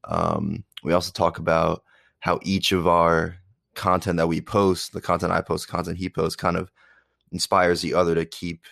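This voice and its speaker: Young male podcast host, hoarse from a cold, very low and gravelly, rambling with fillers, dry close mic. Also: expressive, normal speed, fairly bright tone, dry recording. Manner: rambling, many fillers and restarts. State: sick, hoarse voice. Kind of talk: casual podcast chat.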